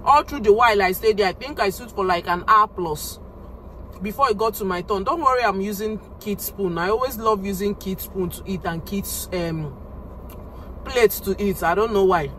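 A Nigerian woman vlogging for her followers, chatty and talkative, her voice sitting at a middle pitch. When something annoys her she rants louder and higher, with faint traffic noise behind her. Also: normal speed, rough recording. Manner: chatty, grows loud and high when ranting. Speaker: family vlogger. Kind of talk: casual vlog chat.

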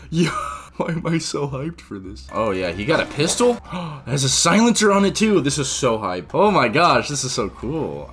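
Excitable young man playing a game. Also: on the high side. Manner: excitable, exclaims and groans a lot. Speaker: gamer. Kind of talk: casual gameplay commentary. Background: game music.

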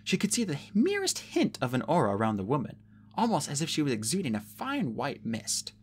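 A man reading an audiobook aloud in an expressive way, with occasional slips. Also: a little high, a little fast, slightly rough. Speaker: audiobook narrator.

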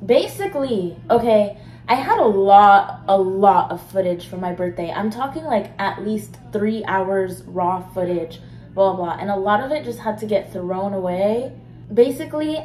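A young woman of twenty rambles to her viewers in a loose, chatty vlog, full of likes and restarts. Her pitch sits in the middle, and faint noise hums underneath. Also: warm tone, poor audio. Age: 20s. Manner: rambling, chatty, lots of fillers. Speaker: vlogger. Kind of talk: casual vlog chat.

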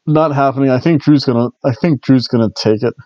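A man's voice: medium pitch, brisk, mellow, no echo, dull audio. A man hosting a casual wrestling review show, rambling with jokey asides. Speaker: wrestling review podcast host. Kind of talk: casual recap commentary.

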